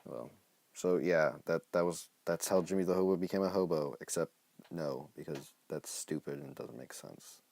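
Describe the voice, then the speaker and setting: A man's voice: low-pitched, normal speed, a little mellow. A man reading his own comic aloud on a phone live stream, breaking off for jokey, self-mocking asides.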